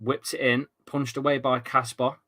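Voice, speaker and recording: Streaming a football watchalong, a young man gives live match commentary, chatting casually, reading viewer comments aloud and swearing occasionally. He speaks at a moderate pace in a medium-pitched, level, slightly bright voice.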